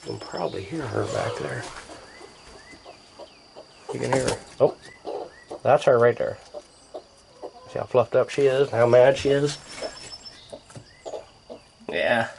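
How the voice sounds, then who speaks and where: A man's voice: medium pitch, slow, creaky, long pauses, a little mellow, slight background noise. A man in a casual, rambling vlog, laid-back and drawling, talking into a handheld camera outdoors in a rural yard. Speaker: homesteading vlogger. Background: crickets and insects outdoors.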